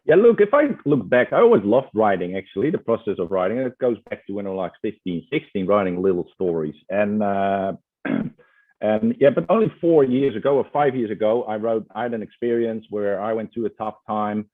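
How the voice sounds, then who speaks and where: A man's voice: fairly low pitch, animated, a little fast, dry recording. Dutch man on a tinny call line. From Netherlands. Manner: hesitant, many fillers and restarts. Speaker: guest author. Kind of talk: casual interview chat.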